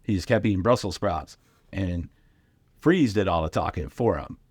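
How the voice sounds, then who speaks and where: A middle-aged man telling comedy anecdotes casually, with lively impressions and lots of fillers. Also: deep voice, moderate pace, slightly rough, no echo, studio quality. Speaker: guest comedian and radio host. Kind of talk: casual storytelling.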